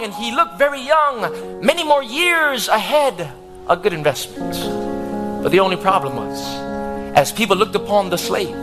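A man preaching a sermon, emphatic, swinging his pitch and pace for effect. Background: music.

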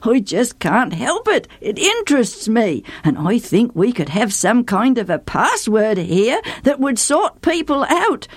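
A woman storyteller voicing an eager, excitable male adviser who giggles as he talks. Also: on the high side, measured pace, few pauses, dry recording.

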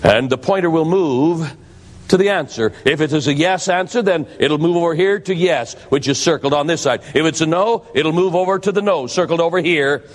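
A man's voice: a little high, normal speed. A man preaching a sermon, earnest and warning, telling stories to make his point. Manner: earnest, warning tone with storytelling asides. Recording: long hall reverb.

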